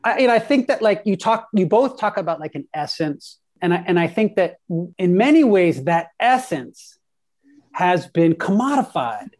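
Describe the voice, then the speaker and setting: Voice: mid-range voice, big pitch swings, normal speed, a little mellow. Speaker thinking aloud with many restarts. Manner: reflective, repeats words while thinking. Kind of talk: casual conversation.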